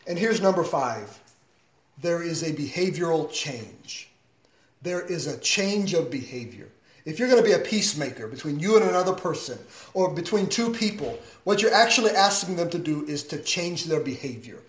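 A man preaching a sermon as a pastor, emphatic, with big swings in pitch and loudness. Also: lively intonation, normal speed, reverberant.

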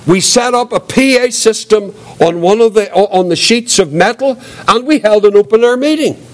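An older man giving his testimony as a preacher, earnest and reflective, with a quiet voice. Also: sits high, lively intonation, normal speed. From Northern Ireland. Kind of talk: testimony sermon.

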